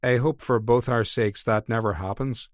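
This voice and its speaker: A grim, weary former colonel voiced by a male narrator, soft-spoken and clipped. The voice stays close to the narrator's own. It is recorded dry and close. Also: medium pitch, steady tone, normal speed, no room sound, close to an everyday voice. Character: weary Welsh ex-soldier, quiet and grim.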